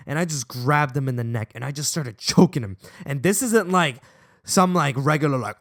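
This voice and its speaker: A young man hosting a gaming channel, telling a personal story over gameplay in an animated, slangy way. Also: mid-range voice, normal speed. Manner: animated, slangy, acts out quotes.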